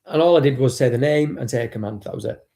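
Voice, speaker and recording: Gravelly-voiced man, chatty. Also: mid-range voice, fast talker, warm tone. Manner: chatty and blunt, swears, greets chat viewers. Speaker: dog trainer hosting a live stream. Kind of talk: casual live-stream teaching.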